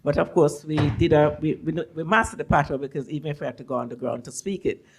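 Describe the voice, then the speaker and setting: A woman's voice: sits low, fast talker, gravelly, darkish tone, breathy edge. An older woman, from Jamaica, asking a question from the audience in a chatty, reminiscing way. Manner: chatty, reminiscing, many fillers. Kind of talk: question from the floor.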